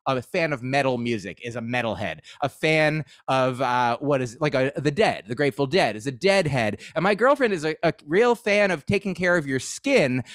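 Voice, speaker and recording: A man's voice: a little high, a bit bright, no room sound, clean studio sound. A man doing a rambling, self-deprecating stand-up set on a video call. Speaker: comedian.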